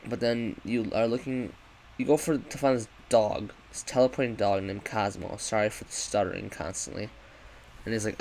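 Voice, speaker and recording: A man's voice: fairly low pitch, steady tone, moderate pace, vocal fry, darkish tone, slight background noise, rough recording. A man giving a rambling, profane, casual review of a video game, often correcting himself.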